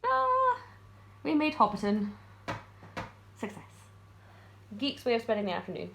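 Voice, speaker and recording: A woman's voice: medium pitch, wildly swooping pitch, a little slow, pauses often. A woman talking casually to camera in a vlog, chatty and laughing often, cooing at her dog. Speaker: vlogger.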